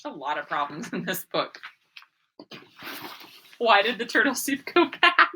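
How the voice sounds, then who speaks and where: A woman's voice: mid-range voice, big pitch swings, unhurried, sharp tone, slight background noise, poor audio. A woman teacher reading a picture book aloud to her class, explaining words and asking questions.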